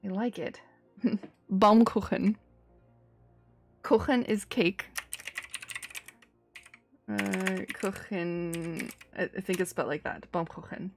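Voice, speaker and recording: A chatty woman, talking casually as she streams a game. Her voice sits at a mid pitch, and she laughs often and answers her chat. Faint game music plays behind her. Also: fairly even intonation, slow pace, creaky, long pauses. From Cyprus. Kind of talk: casual chat while gaming.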